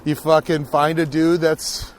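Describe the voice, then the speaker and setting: A man's voice: on the high side, a little slow. A young man chatting on a walk through a park, telling stories with lots of swearing and acted-out reactions. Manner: animated storyteller, swears a lot, acts out his own reactions. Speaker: podcast guest. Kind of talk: casual chat on a walk. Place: outdoors on a park hiking trail.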